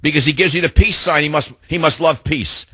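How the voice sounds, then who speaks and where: An older male radio host delivers an impassioned, scornful rant in a husky voice. His voice sounds dry and close, as it would on a studio mic. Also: fairly high pitch, a little fast, a bit bright, no echo. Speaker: radio talk show host. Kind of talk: talk radio monologue.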